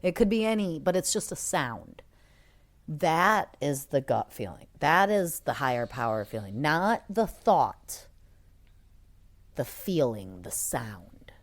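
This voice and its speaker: A woman's voice: sits low, very animated, measured pace. A woman co-hosting a recovery podcast, speaking casually and reflectively, explaining ideas through everyday examples. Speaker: podcast co-host.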